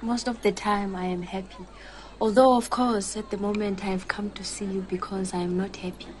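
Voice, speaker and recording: An actress playing an earnest, polite woman with a Botswanan accent, quietly telling her troubles. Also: mid-range voice, steady tone, moderate pace, close to an everyday voice. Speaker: client. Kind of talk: TV drama acting.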